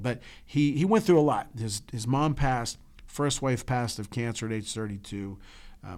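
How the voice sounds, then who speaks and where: A man co-hosting a casual chat podcast, telling a heartfelt family story with halting restarts and an emotional edge. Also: mid-range voice, darkish tone. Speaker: podcast co-host.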